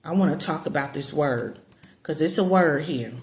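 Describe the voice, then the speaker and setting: A woman's voice: low voice, lively intonation, moderate pace, darkish tone. Emphatic preaching woman, echoey room. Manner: emphatic, repetitive, addresses viewers as y'all. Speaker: spiritual teacher and online community leader. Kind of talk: casual preaching to viewers.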